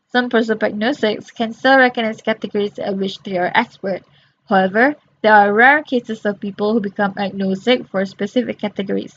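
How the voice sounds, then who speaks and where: A drowsy young woman talks through her course notes late at night, half reading and half explaining in loose, rambling sentences full of fillers and restarts. Her voice sits at a middle pitch, and the audio is a little dull and lo-fi. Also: a bit bright. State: very sleepy. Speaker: student reviewing course notes.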